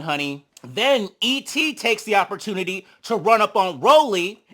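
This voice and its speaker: Young reality recap host, sassy and profane, bright tone, mid pitch. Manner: sassy, gossipy, swears a lot, acts out quotes; big swings in pitch and loudness when reacting. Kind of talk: casual commentary.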